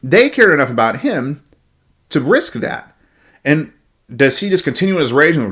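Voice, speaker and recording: Guy teaching a bible lesson, pitch jumps all over, animated and a bit stumbly. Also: normal speed. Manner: animated, acts out quotes, repeats words when starting a thought. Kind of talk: devotional Bible talk.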